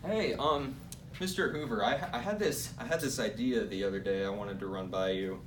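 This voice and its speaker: A young man playing a bumbling, self-satisfied president in an amateur comedy skit, halting and stumbling over his words, giggly. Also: fairly low pitch, far from the mic, close to an everyday voice. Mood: smug. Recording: noisy amateur recording.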